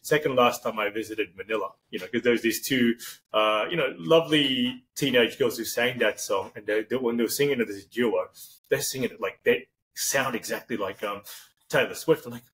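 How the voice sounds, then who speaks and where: A man hosting a podcast, talking in a rambling, animated way and acting out example lines. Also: mid-range voice, a little fast, poor audio. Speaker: podcast host. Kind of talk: casual interview chat.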